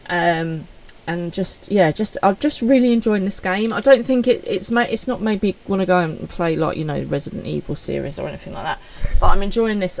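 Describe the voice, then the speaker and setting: Chatty woman with a gravelly voice. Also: lowish voice, darkish tone, poor audio. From United Kingdom. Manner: chatty, self-deprecating, reads out chat. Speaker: streamer. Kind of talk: casual live-stream chat.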